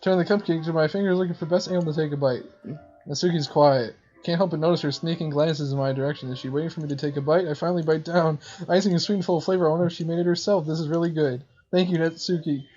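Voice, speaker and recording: A man's voice: fairly high pitch, steady tone, quick pace, warm tone, muffled recording, faint music behind. A man reading a visual novel's narration aloud in a casual, slightly stumbling way.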